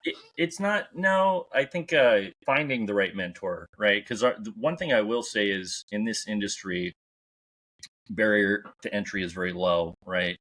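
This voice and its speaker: A man's voice: lowish voice, normal speed, a bit bright. A man hosting a podcast interview, chatting casually and giving upbeat, encouraging advice. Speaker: podcast host.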